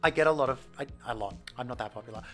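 A man in his thirties talks in a loose, rambling way, stacking fillers as he tells stories. His voice sits at an ordinary middle pitch. Faint music plays beneath the chat. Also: rapid-fire, a bit bright. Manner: rambling storyteller, lots of fillers. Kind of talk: casual chat.

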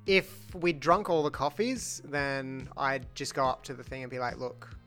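A man's voice: mid-range voice, moderate pace, fairly bright tone, faint music behind. A man in casual podcast chat, giving dry, practical suggestions. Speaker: podcast co-host.

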